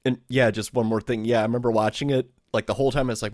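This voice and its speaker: A relaxed man keeps a podcast chat moving in an easygoing way. His voice sits at a middle pitch. The recording is dry and close. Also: fast, dry recording. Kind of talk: casual chat.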